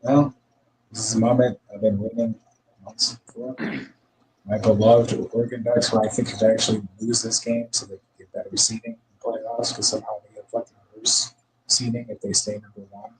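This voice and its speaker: A man's voice: fairly low pitch, little pitch movement, moderate pace, darkish tone, a little hiss or hum, low-quality recording. A man chatting as a panelist on a sports podcast, rambling with "like" and swearing. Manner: chatty and profane, rambling with fillers. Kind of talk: casual sports podcast chat.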